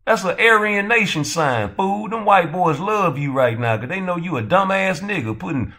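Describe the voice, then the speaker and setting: A man hosting his own channel, ranting and roasting others in a loud, profane, mocking way. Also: sits high, lively intonation, moderate pace, hardly any pauses. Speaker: channel host. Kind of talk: heated roast commentary.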